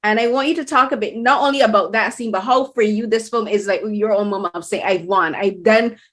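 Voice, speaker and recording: A woman's voice: a little high, fast. A woman hosting an interview, asking long, enthusiastic questions with a lot of emphasis. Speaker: interviewer, show host. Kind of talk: conversational interview.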